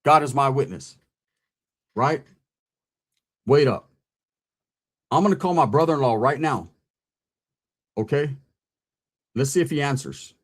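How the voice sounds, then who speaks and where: A man casually telling a scary camping story, animated and profane, full of street slang and a constant "right?". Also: mid-range voice, measured pace, long pauses. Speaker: podcast host telling a story.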